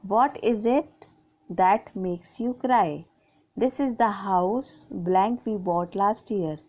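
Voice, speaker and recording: Slow, patient Indian English teacher woman. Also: mid-range voice, a little mellow, muffled recording. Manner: slow, patient, reads out sentences and repeats answers. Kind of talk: explaining textbook grammar exercises.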